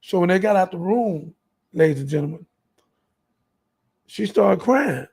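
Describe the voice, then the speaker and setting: Gravelly high-voiced man. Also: measured pace. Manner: animated, emphatic, colloquial. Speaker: guest. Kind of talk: storytelling.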